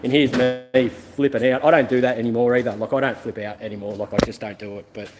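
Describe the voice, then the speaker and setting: A man's voice: medium pitch, steady tone, fast, over loud music. Blunt rambling Australian man. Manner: blunt, rambling, swears freely. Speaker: vlogger and car yard owner. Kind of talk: casual rambling chat to viewers.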